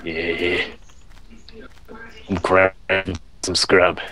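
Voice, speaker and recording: A man's voice: sits low, flat delivery, extremely slow, bright, forceful tone, heavily acted. A young man putting on an Australian accent as an easygoing bloke, tagging lines with "mate" and "eh" while gaming. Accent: put-on Australian. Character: cheery young Aussie bloke gamer. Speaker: gamer. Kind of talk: joking gameplay chat in character.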